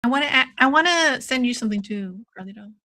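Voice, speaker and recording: A woman hosting a casual watch-along stream, excitable and swearing freely, calling everyone "dude" while taking shots. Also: fairly high pitch, fast. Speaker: livestream host.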